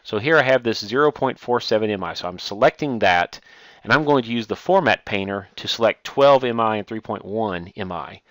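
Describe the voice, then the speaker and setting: Man, software tutorial, step-by-step, uh fillers, lowish voice, dry close sound. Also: a little fast, no echo. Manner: steady step-by-step explaining with frequent "uh" fillers. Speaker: instructor. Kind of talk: screen-recorded software tutorial.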